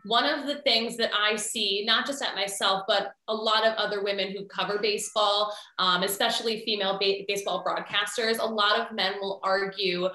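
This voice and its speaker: A woman's voice: medium pitch, steady tone, normal speed, few pauses, bright, forceful tone, roomy sound, rough recording. A woman speaking on a conference panel over a video call, chatty and upbeat with plenty of fillers. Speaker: baseball broadcaster and food blogger. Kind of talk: panel discussion.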